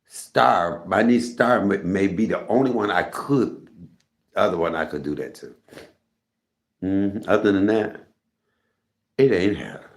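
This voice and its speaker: A middle-aged man casually telling a story to his viewers, animated and laughing, jumping up high in pitch when he retells what he said. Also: unhurried, vocal fry, pauses often. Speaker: storytelling host of a live stream.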